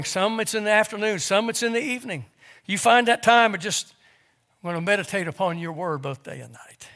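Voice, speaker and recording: High, bright-voiced male preacher. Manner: fervent preaching with rhetorical questions and stammered restarts. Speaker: pastor. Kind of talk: sermon. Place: church sanctuary.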